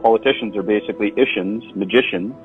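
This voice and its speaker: A man's voice: fairly low pitch, fast talker. A man on a podcast lecturing about hidden meanings, building chains of wordplay and asking rhetorical questions. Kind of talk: podcast conversation. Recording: dull lo-fi audio with faint music.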